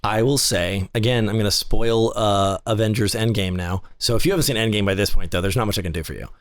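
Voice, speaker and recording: A man co-hosting a casual podcast chat, telling stories in an excitable, animated way and acting out quotes. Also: fairly low pitch, fast, no room sound. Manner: excitable, animated storyteller with big acted-out quotes. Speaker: podcast co-host.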